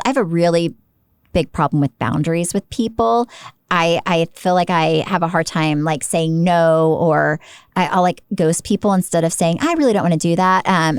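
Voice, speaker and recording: In clean studio audio with no room sound, a woman with a smooth, lowish voice co-hosts a casual podcast chat. She tells stories with animation and laughs frequently.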